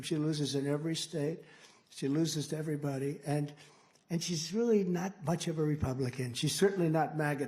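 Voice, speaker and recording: A man's voice: on the high side, a little mellow. An older man in his seventies giving a rambling, boastful campaign rally speech at a podium microphone, with mocking asides. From United States. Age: 70s. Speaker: political candidate. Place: large indoor rally hall.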